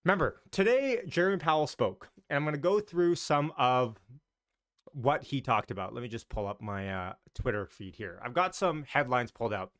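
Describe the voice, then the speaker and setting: A man's voice: mid-range voice, animated, normal speed, fairly bright tone, no echo, clean studio sound. A man hosting a casual live stream about the market, chatty and loose, greeting viewers as he talks. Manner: talks in loose, restarting sentences.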